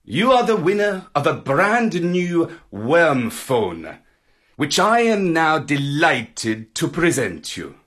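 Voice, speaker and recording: A man's voice: fairly high pitch, big pitch swings, slow, fairly bright tone, slightly rough, exaggerated voice. A man voicing a formal waiter in a storybook tale, speaking in a ceremonious manner.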